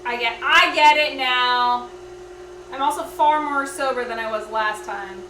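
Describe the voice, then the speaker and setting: A woman's voice: a little high, a little slow. A woman cooking on a live stream at home, bantering playfully in a slangy way. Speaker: co-host, cooking. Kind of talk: casual live-stream chat. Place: home kitchen. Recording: echoey room, mic far off, background noise.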